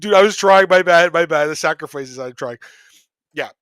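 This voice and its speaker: In a dry recording, a podcast host with a fairly bright, somewhat high voice chats about fight picks at normal speed. The sports betting talk is casual, rambling, and full of laughter.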